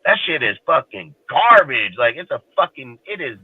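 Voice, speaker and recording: A man's voice: mid-range voice, big pitch swings, moderate pace, slightly rough, no echo. A man in casual chat, ranting bluntly and swearing heavily. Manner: profane, blunt, heated. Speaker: roundtable panelist. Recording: tinny, dry call audio.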